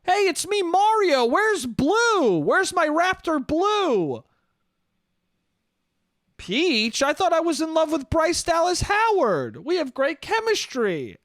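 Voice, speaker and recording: A man doing a goofy, mocking impression of a movie star playing a plumber hero, pushed high and loud. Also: huge pitch swings, slow, no echo, clean studio sound, heavily acted.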